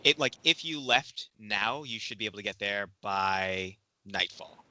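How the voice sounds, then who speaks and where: A man narrating as game master of a tabletop game, halting with many fillers. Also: on the low side, expressive, bright, forceful tone, poor audio.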